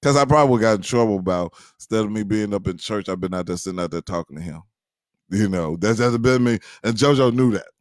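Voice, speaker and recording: A man casually telling a funny personal story to his viewers, animated, addressing them directly and often checking that they follow. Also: lowish voice, quick pace, no echo, clean studio sound. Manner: animated, addresses listeners directly, many fillers.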